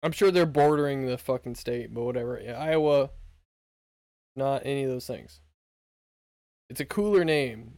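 A man's voice: medium pitch, moderate pace, long pauses, a little mellow, dry recording. Profane joking man, dry close sound. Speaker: podcast co-host. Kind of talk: casual chat.

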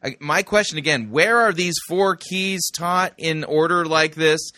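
A male reviewer comments on a sermon and questions where its points come from. His voice is fairly high and bright, recorded dry and close. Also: unhurried, dry recording. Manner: skeptical, questioning. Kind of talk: skeptical commentary.

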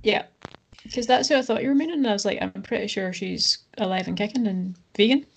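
A woman's voice: mid-range voice, fairly quick, vocal fry, husky. Dry-humoured woman in her forties. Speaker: podcast co-host. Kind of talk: casual chat.

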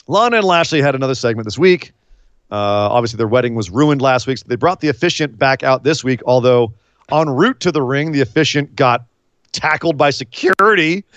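A man co-hosting a casual chat about a wrestling show, animated and acting out the quotes he retells. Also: medium pitch, brisk, no echo. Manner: animated, acts out quotes in put-on voices. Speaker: podcast co-host.

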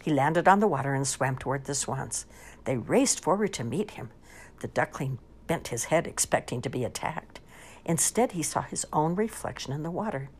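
A woman reading children's storybooks aloud with lively, expressive delivery. Her low voice is a little husky, and her melody rises and falls a lot from line to line. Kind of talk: animated storybook read-aloud.

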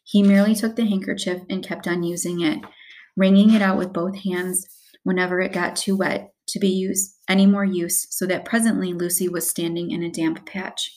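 A woman narrating a children's story aloud in a steady storytelling read. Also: on the low side, moderate pace. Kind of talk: audiobook narration.

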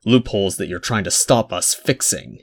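A man's voice: deep voice, expressive, moderate pace, creaky, exaggerated voice. A man reading aloud and voicing a smug, insistent lord politician.

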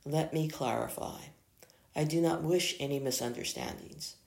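A possessive man, icy toward outsiders and gentle with his lover, as a storybook reader plays him. The voice is gravelly with fry. It sits in a roomy, echoey space. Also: mid-range voice, normal speed, lightly acted. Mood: soft. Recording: echoey room.

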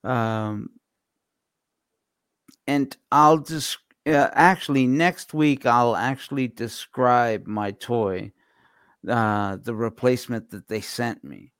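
Slow-talking man, casual podcast host. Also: mid-range voice, fairly bright tone, no echo, clean studio sound. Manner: halting, many fillers.

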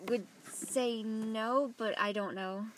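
A woman's voice: a little high, fairly even intonation, takes it slowly, slight background noise. A woman co-hosting a casual podcast from inside a car, hesitant and thinking aloud as she answers. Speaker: podcast co-host. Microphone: phone held in hand.

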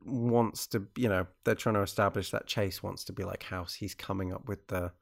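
A man's voice: deep voice, fairly even intonation, moderate pace, creaky. A man chatting casually about a TV show, rambling with many restarts and fillers. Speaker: podcast co-host.

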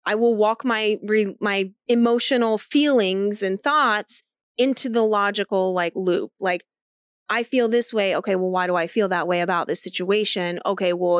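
A woman's voice: medium pitch, steady tone, moderate pace, dry recording, studio quality. A woman co-hosting a podcast in casual chat, talking things through at length, candid and swearing freely. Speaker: podcast co-host.

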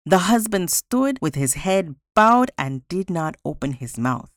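Slow expressive woman storyteller. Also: fairly low pitch, no room sound, studio quality. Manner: expressive, sing-song. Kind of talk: reading a folktale aloud.

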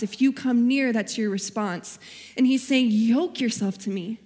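Earnest woman preaching in a hall. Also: fairly high pitch. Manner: earnest, personal storytelling with Bible quotes. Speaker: guest speaker. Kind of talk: sermon.

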